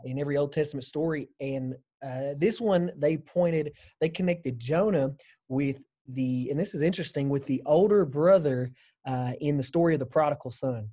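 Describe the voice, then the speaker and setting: A man in a casual church discussion, talking in a relaxed way with many hesitations. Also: on the high side, moderate pace.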